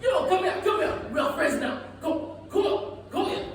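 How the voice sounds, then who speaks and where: A woman's voice: very high-pitched, lively intonation, normal speed, a little hiss or hum, pitched above the performer's own voice. A woman comedian voicing an overeager, friendly clubgoer who beckons people over to be friends. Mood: eager. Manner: pushy, grinning, beckoning. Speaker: stand-up comedian. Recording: echoey club heard from far off.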